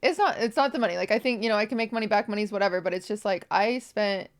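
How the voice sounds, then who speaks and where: A woman's voice: medium pitch, racing. A young woman streamer talking to her viewers on a livestream, tearful, rambling and apologetic. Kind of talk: emotional livestream talk.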